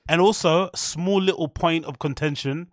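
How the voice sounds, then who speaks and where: A man with a slightly higher voice hosts a podcast, giving chatty, opinionated reactions to a clip. He is recorded on a close, dry mic with no room sound. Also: normal speed, no echo. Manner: chatty, opinionated, talks straight to the viewers. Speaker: podcast host. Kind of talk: casual commentary reacting to a clip.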